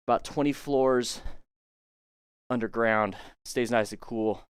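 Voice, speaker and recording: A man's voice: medium pitch, normal speed, clean tone, no room sound, studio quality. A man teaching a live-streamed motorcycle class, joking with viewers and coaching in an upbeat way. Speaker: motorcycle riding instructor. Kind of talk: live-streamed class reviewing riding videos.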